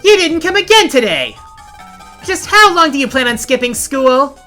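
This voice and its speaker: A man's voice: very high-pitched, big pitch swings, moderate pace, sharp tone, faint music behind, heavily acted. A man voicing a bossy young schoolgirl class president who scolds imperiously. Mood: scolding.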